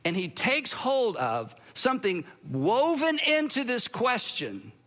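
Middle-aged male pastor, sermon delivery, high and bright, chatty and animated. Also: takes it slowly. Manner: conversational, animated, acts out quoted voices.

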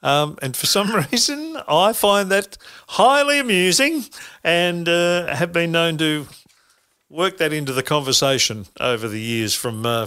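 A man's voice: fairly high pitch, pushed and bright, smooth. A middle-aged man hosting a casual podcast chat, rambling with lots of fillers and restarts. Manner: rambling with many fillers and restarts, laughs easily. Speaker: podcast host.

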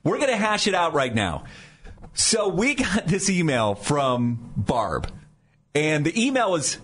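Guy hosting a morning radio show, slightly husky, bouncy upbeat voice, kinda high for a man. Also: a little slow. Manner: moderating, lively delivery. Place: radio studio.

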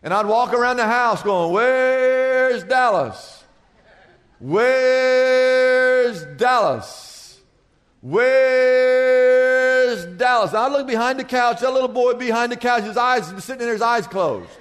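A man's voice: very high voice, fairly quick, few pauses, fairly bright tone, big-room sound. A male pastor preaching a sermon, telling jokes and stories and quizzing the congregation. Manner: jokey storytelling, quizzing the congregation.

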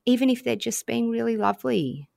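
A woman's voice: a little high, lively intonation, brisk, creaky, a little mellow, no echo, clean studio sound. A woman co-hosting a podcast, chatting in an enthusiastic, gushing way and swearing freely. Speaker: podcast co-host. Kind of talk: casual chat.

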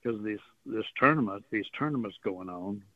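A man's voice: lowish voice, expressive, moderate pace, dry recording. A man, a guest on a radio show, telling stories in a folksy, rambling way and chuckling often. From Texas coast. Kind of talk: casual storytelling on radio. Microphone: phone call. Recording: tinny phone line.

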